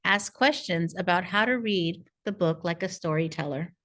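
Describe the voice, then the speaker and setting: A woman's voice: fairly low pitch, moderate pace, fairly bright tone. A woman narrating a parent workshop as a reading coach, in a patient, encouraging teacher tone. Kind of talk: scripted instructional narration.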